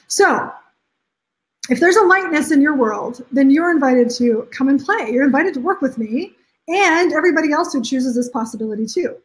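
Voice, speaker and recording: High-voiced upbeat woman coaching live. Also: fast talker, rough recording. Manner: upbeat and emphatic, acts out quotes. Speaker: life coach. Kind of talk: live stream coaching pitch.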